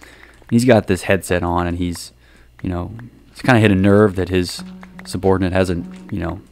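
A man's voice: low voice, fairly even intonation, moderate pace, vocal fry, a little mellow. A man hosting a casual monologue, talking loosely with lots of ums, restarts and small chuckles. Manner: hesitant, many ums and restarts, chuckling asides. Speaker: podcast host.

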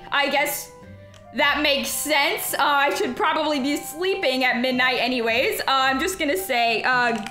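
Very high, bright excitable woman. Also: echoey room. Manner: excitable and gushing, talks to viewers; reads chat messages aloud. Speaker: gaming YouTuber. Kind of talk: casual gameplay commentary.

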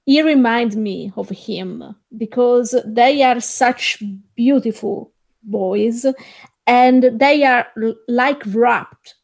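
Woman guest, slow measured delivery, fillers, slightly high voice. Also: gravelly. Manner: thoughtful, hesitant, many fillers. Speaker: podcast guest. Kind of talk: casual discussion.

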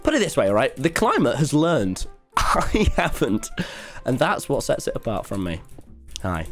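Brief: young lad streamer, lively swooping voice, unhinged cheeky banter, faint music underneath. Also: male voice, medium pitch, normal speed. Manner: chaotic, cheeky, swears often, laughs a lot. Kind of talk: casual gaming livestream commentary.

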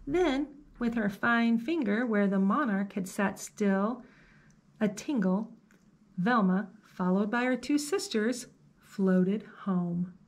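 Mujer lee despacio un cuento infantil. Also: female voice, medium pitch. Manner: slow, gentle, asks the listener questions. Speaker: librarian. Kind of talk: reading a picture book aloud to children.

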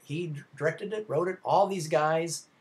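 A man's voice: fairly high pitch, moderate pace. Rambling, filler-heavy male lecturer. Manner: rambling, casual, many fillers and restarts. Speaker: film history instructor. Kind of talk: recorded class lecture.

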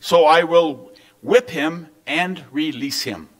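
A man reading the lines of a weary Roman governor questioning a prisoner, lifting his pitch on the questions. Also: slow, rough recording. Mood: pleading.

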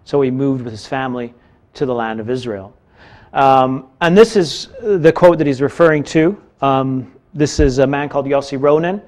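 A man's voice: a little high, darkish tone. A man teaching a Bible class, explaining in a casual, chatty way with frequent fillers.

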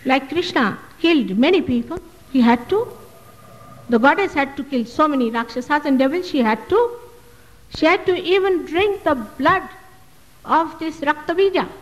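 A woman's voice: high voice, lively intonation, normal speed, long reverb tail, poor audio. A woman, a spiritual teacher answering audience questions at a public talk, emphatic and full of rhetorical questions. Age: 60s. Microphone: loudspeaker microphone.

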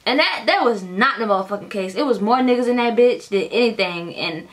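A woman's voice: a little high, brisk. A young adult woman vlogging casually, telling a storytime full of cursing and talking straight to her viewers as y'all. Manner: animated, profane storytelling, addresses viewers as y'all.

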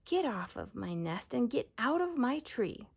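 A woman's voice: on the high side, sing-song, measured pace, gravelly, slightly rough, voice pushed up, heavily acted. A woman reading a storybook aloud, voicing a lazy, flighty, selfish female bird in a pouty, indignant manner.

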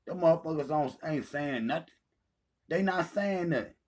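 A man's voice: fairly high pitch, moderate pace, darkish tone. A man hosting his own channel, delivering a heated, profane callout rant, taunting and swearing freely. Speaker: channel host. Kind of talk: profane ranting callout video.

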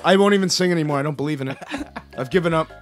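A man's voice: fairly high pitch, racing. A man playing a party game with friends as a guest, joking and trash-talking. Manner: joking, playful trash talk. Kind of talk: casual gaming chat. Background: game music.

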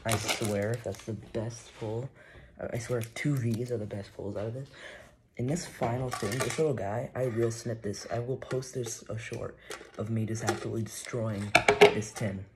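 A man's voice: fairly low pitch, normal speed, heavy background noise. Man vlogging with kitchen clatter behind. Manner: playful mock threats, excitable reactions. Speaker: card-opening vlogger. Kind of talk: casual commentary while opening cards.

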